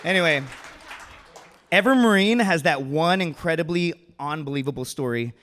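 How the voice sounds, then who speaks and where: A Marine veteran in his thirties telling a true story live on stage, casual and animated. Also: fairly high pitch, normal speed, a faint crowd, slight background noise. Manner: casual, animated, says dude and right a lot. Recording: long hall reverb.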